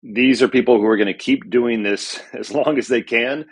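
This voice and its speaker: A middle-aged man interviewed as an author and journalist talks in a husky, mid-range voice at a moderate pace. It's a conversational interview where he's reflective, tells stories, and relies on frequent fillers.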